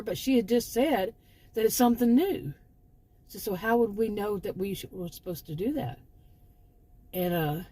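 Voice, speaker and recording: Woman, mellow husky voice, casual rambling storytelling, restarts often. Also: mid-range voice. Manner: chatty, rambling, with frequent restarts. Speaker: channel host, former sociology teacher.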